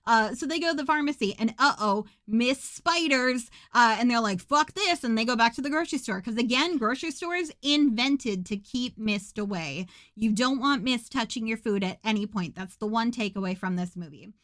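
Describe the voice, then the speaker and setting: Wisecracking woman podcaster, slightly high voice. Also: normal speed, hardly any pauses, a bit bright, no room sound. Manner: sarcastic, joking, laughs often. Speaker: podcast co-host. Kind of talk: casual podcast chat, recapping a film.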